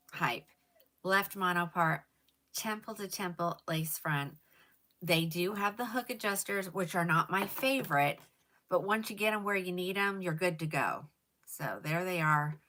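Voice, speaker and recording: Live-sale host, woman, lowish voice, chatty and jittery, muttered asides. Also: fairly bright tone. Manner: chatty and rambling, talks to viewers as ladies; quick, jittery talk with whispered asides. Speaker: live shopping host selling wigs. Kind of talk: casual live-stream sales chat.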